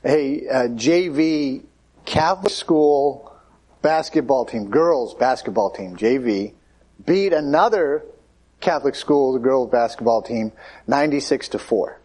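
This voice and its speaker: A man's voice: medium pitch, unhurried, a little mellow, husky. A man preaching a conversational sermon, acting out the voices of Bible figures.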